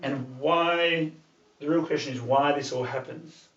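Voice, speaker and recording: A man's voice: on the high side, steady tone, a little slow, a bit bright. A man giving a casual, loose talk to a small group, using many fillers and the odd swear. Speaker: club talk presenter. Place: room with a group of listeners. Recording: echoey room, far from the mic, dull sound.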